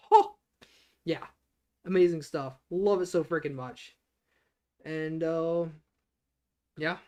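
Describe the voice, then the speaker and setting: A streamer in casual livestream talk, excitable and rambling, stressing words hard as they react to an anime season. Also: mid-range voice.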